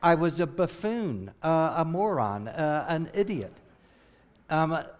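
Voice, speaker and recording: Earnest missionary preacher from southern New Jersey. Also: male voice, a little high, sing-song, unhurried. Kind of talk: sermon.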